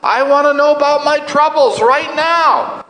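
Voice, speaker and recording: An older man preaching a sermon, telling his own story earnestly with long pauses. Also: very high-pitched, pushed and bright. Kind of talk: sermon testimony. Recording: echoey hall, roomy sound.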